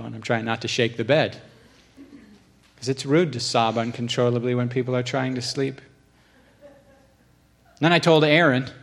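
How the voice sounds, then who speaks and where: A man hosting a casual, earnest chat, telling stories in an animated way and slipping into quick acted asides. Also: medium pitch, gravelly. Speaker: podcast host.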